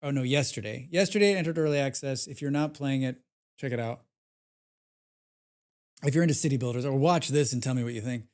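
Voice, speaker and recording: A man chatting casually on a live game stream, rambling with many fillers, reading chat aloud and growing animated as he recounts his play. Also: mid-range voice, a little fast, long pauses, clear, resonant tone. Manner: grows animated when recounting gameplay.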